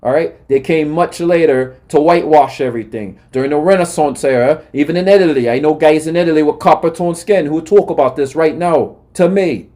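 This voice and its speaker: A man in a heated solo rant, lecturing and confrontational, who keeps checking in with a pointed "right?". His voice sits a bit high for a man but has a warm, mellow tone. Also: fairly quick, hardly any pauses.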